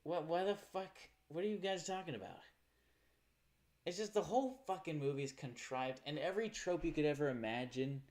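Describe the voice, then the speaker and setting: A man's voice: a little high, fairly quick, a little mellow. A man chatting casually on a livestream in a profane, rambling rant. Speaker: live streamer.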